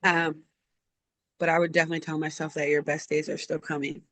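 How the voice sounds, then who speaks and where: Woman coach, interview guest; bright, tense tone, earnest and reflective. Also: low-pitched, little pitch movement, brisk, no room sound. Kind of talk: heartfelt interview answers.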